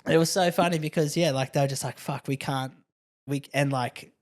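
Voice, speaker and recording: A young Australian man, a comedian guest on a podcast, telling animated anecdotes and acting out the people he quotes. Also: a little high, normal speed. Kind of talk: casual chat.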